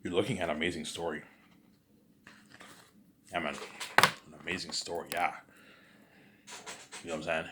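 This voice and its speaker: A man spins an improvised story in a loose, boastful ramble, tripping over restarts and leaning on the same filler phrases again and again. His voice is low and husky, with a breathy roughness. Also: a bit bright. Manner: repetitive filler, stumbling restarts. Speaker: storyteller, vlogger.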